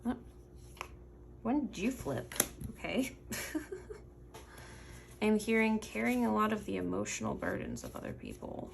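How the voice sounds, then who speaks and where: A woman's voice: mid-range voice, huge pitch swings, unhurried, gravelly, long pauses, noisy background. A sleepy woman doing a casual tarot reading, rambling and thinking aloud with lots of fillers. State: sleepy, yawning late at night. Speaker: tarot reader. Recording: cards shuffling and clicking behind.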